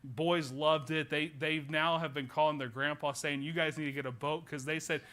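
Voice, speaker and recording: A man's voice: a little high, steady tone, moderate pace, sharp tone. A man in his thirties with an Oklahoma accent, a pastor telling a folksy, rambling story during a church service. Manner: folksy, rambling anecdote with many fillers. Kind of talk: sermon storytelling. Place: church sanctuary.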